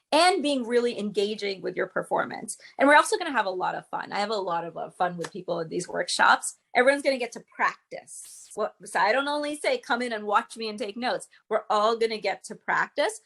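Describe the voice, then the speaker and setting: A woman's voice: a little high, a bit bright. A woman speaking as a guest, a public speaking coach explaining with emphatic, teacherly energy. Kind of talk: interview guest.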